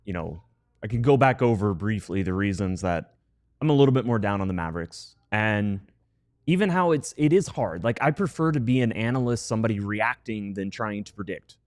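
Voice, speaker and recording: A man's voice: lowish voice, expressive, a little fast, dry recording, clean studio sound. A man co-hosting a sports podcast, wry and thinking aloud. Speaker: podcast co-host. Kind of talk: casual sports podcast analysis.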